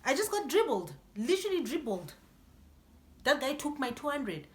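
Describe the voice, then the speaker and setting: A young woman telling a storytime vlog in an animated, chatty way, full of "like" and "yo". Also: sits high, moderate pace. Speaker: vlogger.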